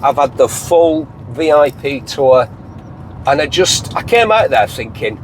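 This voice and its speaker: A man's voice: mid-range voice, big pitch swings, a little slow. An English man hosting a car review, chatting animatedly from inside a car and slipping into put-on voices as he tells stories. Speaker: car show host. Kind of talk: casual car review chat. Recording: faint road noise in car.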